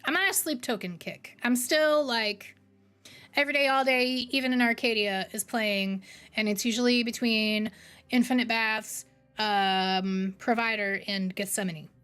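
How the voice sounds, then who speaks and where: A talkative woman in her thirties with a fairly high voice, chatting loosely with her viewers. Her tone jumps up for greetings and drops low for asides, with faint music playing underneath. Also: steady tone, unhurried, clear, resonant tone. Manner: chatty, rambling, swings between bright greetings and low asides. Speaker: streamer. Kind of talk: casual chat reading live chat.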